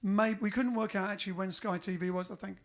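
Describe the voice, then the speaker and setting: High-voiced jokey English bandleader. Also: male voice, fairly even intonation, fast talker. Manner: jokey, rambling, self-correcting. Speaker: bandleader hosting a livestream. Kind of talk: casual chat.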